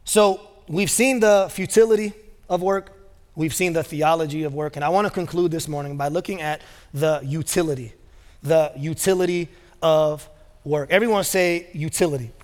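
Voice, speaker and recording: A pastor delivers a sermon in a high voice, shifting into loose, chatty storytelling full of filler words. His voice rings out with long reverb through a large church auditorium. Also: normal speed, darkish tone. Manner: casual storytelling with many fillers.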